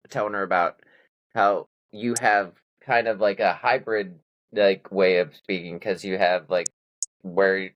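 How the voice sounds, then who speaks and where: A man's voice: fairly low pitch, a bit bright, low-quality recording. A man hosting a podcast, chatting casually and rambling with many restarts. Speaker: podcast host. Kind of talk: casual chat.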